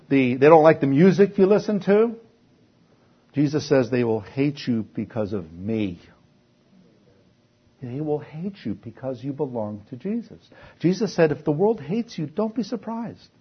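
A man's voice: a little high, husky, lo-fi sound. A man from Canada preaching a sermon to his congregation, slipping into sarcastic mock voices and building to emphatic peaks. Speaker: pastor.

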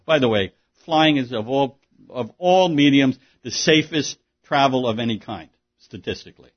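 Husky emphatic male preacher, lo-fi. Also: medium pitch, animated, normal speed. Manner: emphatic, conversational preaching with asides and rhetorical questions. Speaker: pastor. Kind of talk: sermon.

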